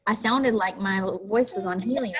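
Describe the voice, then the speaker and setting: A woman's voice: medium pitch, normal speed, crowd noise. A woman teacher, chatting with students on an online class call in a friendly, casual way. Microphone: headset microphone, then computer mic.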